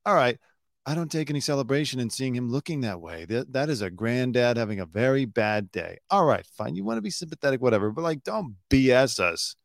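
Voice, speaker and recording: A man's voice: mid-range voice, very animated, fairly quick, creaky, no room sound. Guy hosting a news commentary show, sarcastic, dry close mic. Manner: sarcastic, mocks pundits in put-on mopey voices.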